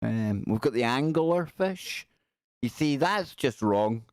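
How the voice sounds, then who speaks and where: An animated man with a mid-range voice hosts a live stream, yet he takes it slowly; the sound is clean studio audio with no echo. He jokes casually, reacting aloud to pictures with quips.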